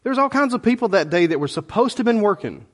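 A middle-aged man preaching a sermon as pastor, conversational and animated, with folksy asides to the congregation. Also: high-pitched, fast talker.

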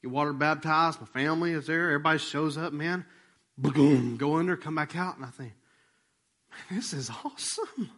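Guy pastor preaching, chatty story mode, kinda high voice, goes quiet and soft for the serious bits. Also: fairly quick. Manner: animated and conversational, acts out remembered dialogue; drops to a hushed voice for tender moments. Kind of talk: storytelling sermon.

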